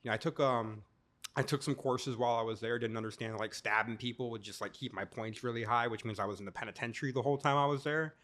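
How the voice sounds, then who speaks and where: A man in his thirties tells his story as a podcast guest, talking candidly with an easy, joking humor. His voice sits at an ordinary middle pitch. His delivery livens up when he acts out other people. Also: fast, a bit bright.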